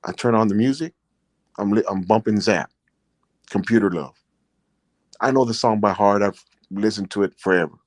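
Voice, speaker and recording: The recording is dry, and the speaker is a middle-aged man with a voice on the low side, speaking at normal speed and pausing often. A podcast host and former prisoner, he rambles through his personal stories in a casual way, saying "you know" a lot and getting sincere and emotional as he tells them.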